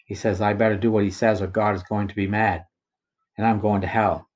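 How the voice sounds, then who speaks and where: A man narrates a personal account in the first person, his delivery steady and solemn. His voice sits on the lower side for a man. He reads with deliberate, unhurried care. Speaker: narrator of his own story.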